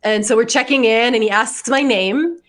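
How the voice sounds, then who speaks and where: A woman in her forties co-hosting a podcast, telling stories in a lively, animated way and laughing often. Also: a little high, normal speed. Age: 40s. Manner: animated storyteller, acts out voices and laughs often. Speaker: podcast co-host. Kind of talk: casual chat.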